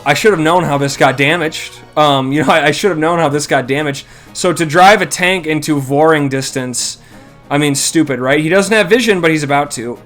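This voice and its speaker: A man's voice: on the high side, fairly bright tone. A man casually commentating his own strategy game, thinking aloud and criticizing his own moves. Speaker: gameplay commentator.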